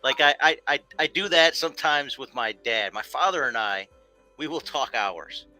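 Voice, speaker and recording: A man hosting a talk show, easygoing and quick to laugh in casual chat. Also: mid-range voice, pushed and bright, soft background music.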